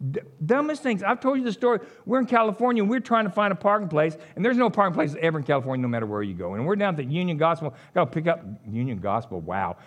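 A man preaching a casual, conversational sermon, folksy and animated, leaping from high exclamations to low asides. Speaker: pastor.

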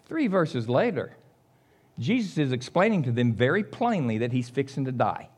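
Animated preacher man. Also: mid-range voice, normal speed, husky. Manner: animated storytelling with chuckles. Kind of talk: sermon.

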